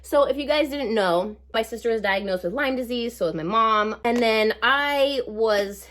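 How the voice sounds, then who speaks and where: A woman's voice: a little high, normal speed, a bit bright. A woman in her forties chatting through a life update while putting on her makeup, bubbly and rambling with lots of asides. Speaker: beauty vlogger.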